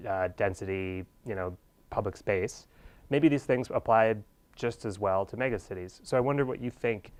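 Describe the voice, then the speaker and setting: A man asks questions in a conference interview, his voice sitting low. He muses his way into each question, stopping now and then with an um or uh. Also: moderate pace, smooth, dry recording. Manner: thoughtful, musing questions with hesitations.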